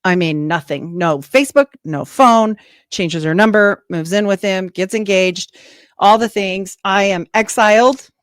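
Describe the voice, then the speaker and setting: A woman with a mid-range voice speaks at a measured pace, her tone clean in a dry, studio-quality recording. She's a podcast host or guest chatting casually in an interview, animatedly telling a long story and quoting people in lively voices as she acts out what they said.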